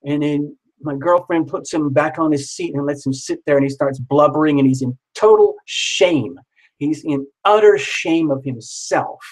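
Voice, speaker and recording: A man's voice: on the high side, moderate pace, low-quality recording. A man telling a story casually, rambling and repeating himself, with some swearing.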